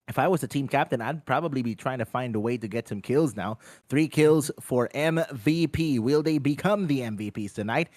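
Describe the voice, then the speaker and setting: A man casting an esports match, excitable and joking, throwing out rhetorical questions. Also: on the high side, no echo, clean studio sound. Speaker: shoutcaster. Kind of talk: esports play-by-play commentary.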